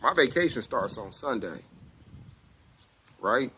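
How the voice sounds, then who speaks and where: A middle-aged man, telling a personal testimony in casual, animated speech and acting out both sides of an argument. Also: mid-range voice, takes it slowly, a little hiss or hum. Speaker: self-styled apostle telling a personal testimony.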